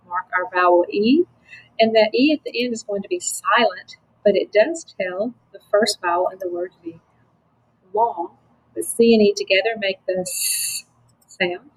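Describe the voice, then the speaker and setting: A woman teaching a phonics lesson to children, slow, patient and encouraging. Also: medium pitch, slightly rough, rough recording.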